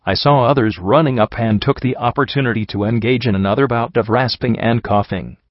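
A man reading a first-person fan fiction story aloud as an audiobook, steady and plain. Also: medium pitch, fairly quick, no echo. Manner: steady, plain narration with light voicing for dialogue. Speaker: audiobook reader. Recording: dull, dry home recording.

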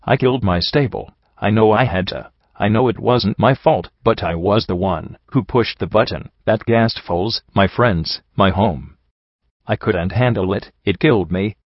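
Remorseful unicorn mare voiced by a man, soft, low voice, dry muffled recording. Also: moderate pace, no echo. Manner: soft, subdued, confessional. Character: guilt-ridden female unicorn pony, weary and remorseful.

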